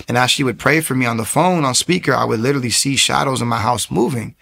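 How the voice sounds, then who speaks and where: A man telling the story of his conversion in an animated, conversational way. His mid-pitched voice has a gravelly fry. He stumbles and restarts often and acts out what others said. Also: fast, few pauses. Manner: animated, acts out quotes, many fillers and restarts. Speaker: speaker giving a personal testimony. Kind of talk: personal faith testimony, storytelling.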